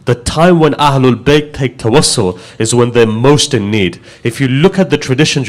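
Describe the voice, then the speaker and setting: Man preaching a majlis sermon. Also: medium pitch. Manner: storytelling, addresses the listeners directly. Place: Islamic center.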